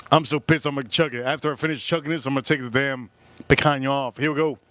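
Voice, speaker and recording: A man's voice: medium pitch, fairly even intonation, quick pace, a bit bright. Blunt cursing man streaming his cooking. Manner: blunt, swearing, frustrated. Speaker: livestream host cooking and drinking. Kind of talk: casual live-stream commentary.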